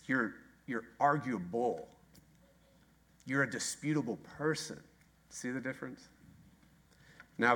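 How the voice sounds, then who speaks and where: A male pastor delivering a sermon with a bright, forceful tone. He drives his points home with repeated phrases and rhetorical questions, swinging between quiet asides and rising intensity. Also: mid-range voice. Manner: emphatic, repetitive rhetorical questions.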